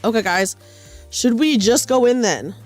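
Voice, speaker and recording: A bubbly woman streamer chatting with her viewers as she plays, her voice sitting a little high and swinging widely in pitch. She talks in an excitable, giggly way into a desk mic, with faint game music underneath. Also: a little slow. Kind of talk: casual game stream chat.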